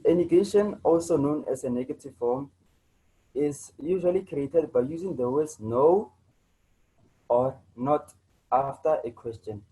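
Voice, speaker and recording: The poor audio carries a slightly high but dark-toned male voice, a South African teacher giving an online grammar lesson. He says things over and over, starts sentences afresh often, and checks on his students with "right?" and "you know."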